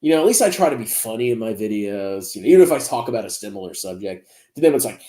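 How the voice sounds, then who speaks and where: A man's voice: fairly low pitch, animated, very fast, warm tone. A man in his thirties giving sarcastic reaction commentary as a finance YouTuber, mocking his rivals and laughing often. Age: 30s.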